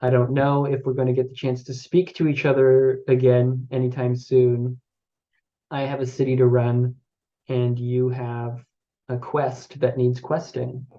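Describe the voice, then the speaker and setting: A game master putting on the calm, grateful leader of a city, speaking in slow, measured words over a dull, lo-fi stream. The voice is dark and mellow. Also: male voice, mid-range voice, natural voice. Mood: solemn. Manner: measured, formal farewell speech. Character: Dora, grateful woman who runs a city.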